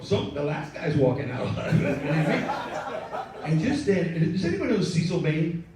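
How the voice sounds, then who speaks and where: A man's voice: fairly high pitch, animated, normal speed, darkish tone, a little hiss or hum. Rambling, profane man telling a story. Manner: profane, rambling, joking with the crowd. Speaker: storyteller and show producer. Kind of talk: live storytelling performance. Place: live event room with an audience. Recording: echoey room, mic at a distance.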